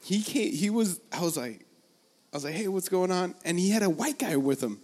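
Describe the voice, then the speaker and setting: A man in casual chat, telling rambling, profane stories that turn animated when he gets excited. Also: fairly high pitch, fairly quick, breathy edge. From Los Angeles area, USA.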